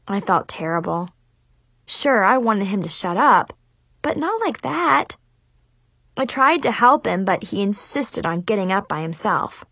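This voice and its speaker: A woman reading a first-person children's story aloud, lively and playful. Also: medium pitch, unhurried, husky, dry recording. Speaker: narrator.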